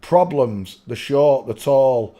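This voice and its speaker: A man's voice: medium pitch, lively intonation, slow pace, warm tone. A man hosting his channel, rambling through casual commentary in a swearing, easily giggling manner. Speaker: channel host.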